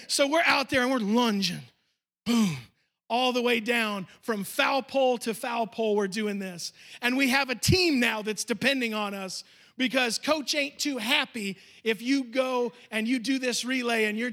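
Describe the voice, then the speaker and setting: A man's voice: very high-pitched, bright, forceful tone. A man preaching a sermon as pastor, telling a story and speaking directly to the congregation. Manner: storytelling, emphatic, addressing the congregation. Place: church.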